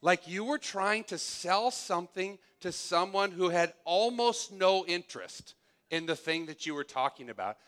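A man's voice: high voice, expressive, moderate pace, a bit bright. A male pastor preaching a sermon, playful and sarcastic as he speaks to his congregation in a church hall.

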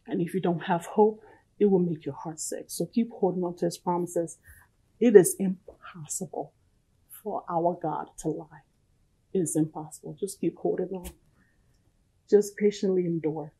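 A woman preaching a sermon and giving a personal testimony, earnest and pleading, swinging from loud to soft. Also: fairly low pitch, slightly rough, poor audio.

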